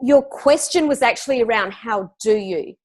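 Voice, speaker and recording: An Australian woman in her forties talks as an interview guest, upbeat and animated. Her voice sits a little on the high side. She coaches business owners and tells stories easily. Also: moderate pace. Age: 40s. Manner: upbeat, animated storytelling with frequent laughs. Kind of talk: conversational interview.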